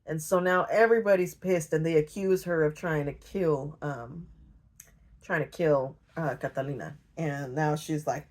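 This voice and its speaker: A woman casually retelling a novel, slangy and joking, briefly acting out the characters' lines in quick voices. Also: low voice, steady tone. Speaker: book retelling video host. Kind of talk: casual comedic story retelling.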